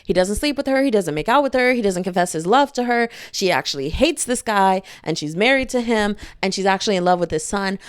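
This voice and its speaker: Gushing woman podcaster, lively pitch. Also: a little fast, hardly any pauses, clean tone, dry recording, studio quality. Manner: animated, gushing, laughs often. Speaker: podcast host. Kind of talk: casual book chat.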